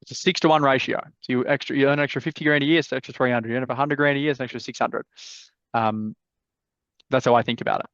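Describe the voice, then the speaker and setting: Over video, an Australian property advisor hosting live mentorship calls hands out blunt advice in a casual, cursing style. His middle-pitched voice is slightly bright, fairly even in intonation, and racing. The sound is muffled, dull, dry and close, with no room sound.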